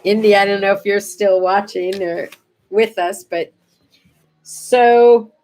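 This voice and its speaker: Slow-talking older woman host. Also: medium pitch, a little hiss or hum. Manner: chatty, warm-hearted, goes quiet and soft on sad memories. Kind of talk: casual morning chat to camera.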